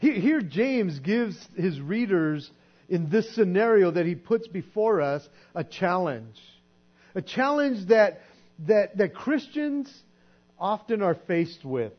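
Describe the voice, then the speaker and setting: Guy with a high voice preaching, talks it through earnestly, kinda muffled recording with a hum. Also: very animated, takes it slowly. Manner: earnest, conversational preaching with frequent repeated words. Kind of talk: sermon. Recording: dull lo-fi recording with mains hum.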